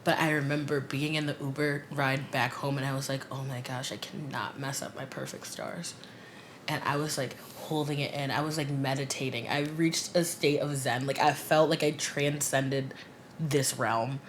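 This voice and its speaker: A young woman telling, for a wedding film, how she met her partner; she is animated, laughs often and acts out the lines she quotes. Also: a bass voice, normal speed, a little hiss or hum. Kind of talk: casual storytelling to camera.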